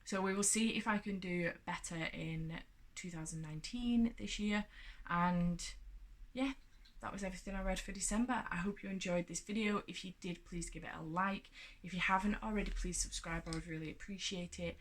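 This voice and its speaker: Chatty rambling woman, slightly low voice. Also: moderate pace. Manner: rambling and chatty, lots of "like" and restarts. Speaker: book vlogger. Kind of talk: casual monthly book wrap-up chat.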